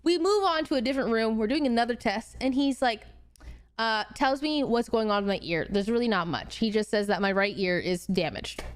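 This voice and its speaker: A woman's voice: fairly high pitch, animated, brisk. A woman in her twenties from Washington state, a streamer casually telling a story in a chatty, rambling way. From Washington state, USA. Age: 20s. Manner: chatty, rambling, full of fillers and restarts.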